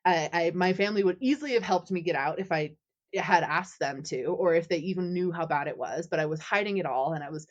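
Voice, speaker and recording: A woman guest on a podcast, telling a personal story in a lively, casual way, with lots of "like.". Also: fairly low pitch, a little fast, highs cut off. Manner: animated, heavy use of "like". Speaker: guest author.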